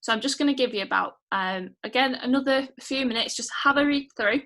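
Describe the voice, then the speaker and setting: A young woman teacher from England leads an online English lesson. She talks in a chatty, encouraging and informal way, with a bright, clear voice. The sound comes over a video call. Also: high voice, a little fast.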